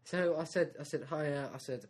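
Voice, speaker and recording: A man's voice: a little high, normal speed. A man co-hosting a comedy chat, telling a hesitant, rambling anecdote, repeating himself. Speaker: comedy podcast co-host.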